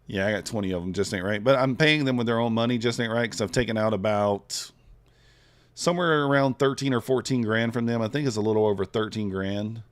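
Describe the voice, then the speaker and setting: Low-voiced laid-back male streamer. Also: brisk. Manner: laid-back, thinking aloud, chatting with viewers. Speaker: futures trader streaming live. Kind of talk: casual live-stream commentary.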